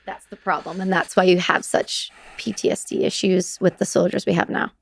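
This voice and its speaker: A woman, a military veteran and podcast guest, recounting war memories in a halting way, with restarts and blunt swearing. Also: fairly low pitch, level tone, vocal fry.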